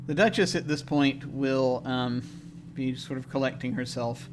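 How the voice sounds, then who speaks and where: A man narrating a tabletop game as game master, chuckling often and pausing on fillers. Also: medium pitch, background noise. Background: faint background music.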